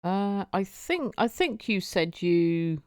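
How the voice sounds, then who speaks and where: A woman's voice: mid-range voice, very animated, slow, a little mellow, smooth, dry recording, studio quality. A woman streaming, chatting casually with viewers and often repeating her words as she goes. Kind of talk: casual live-stream chat.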